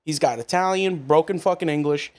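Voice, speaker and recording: A man hosting a casual podcast chat, laughing often and jumping in with quick quips. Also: a little high, darkish tone. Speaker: podcast host.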